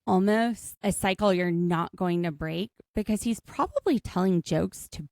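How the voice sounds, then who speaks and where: A woman's voice: on the low side, gravelly, darkish tone, no echo, clean studio sound. A woman co-hosting a podcast, chatting casually and joking as she recaps a show. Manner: chatty, jokey, quick asides. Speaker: podcast co-host.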